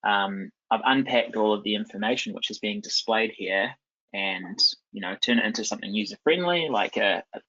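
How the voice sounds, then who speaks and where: A man giving a live software demo at a conference, talking loosely with many ums and restarts. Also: fairly low pitch, moderate pace. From New Zealand. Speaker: conference presenter. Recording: dull lo-fi sound.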